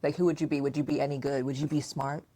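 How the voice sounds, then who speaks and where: Low-voiced, lively woman podcast host. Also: fast. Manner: animated, playful, acts out remembered dialogue; frequent laughter and questioning. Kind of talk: casual conversational podcast chat.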